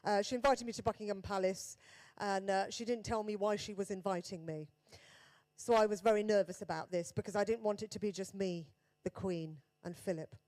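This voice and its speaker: A woman comedian with a Birmingham accent doing a stand-up set, chatty and self-deprecating, with quick asides to the audience. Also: medium pitch, steady tone, a little mellow. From England.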